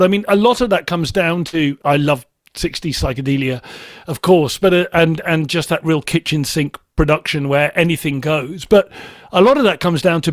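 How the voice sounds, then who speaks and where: A man with a high-pitched voice talks through his ideas in a casual interview. He is enthusiastic and thoughtful, and often circles back to restart a sentence. The sound is dry and close, with no room echo. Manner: enthusiastic about music. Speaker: musician guest.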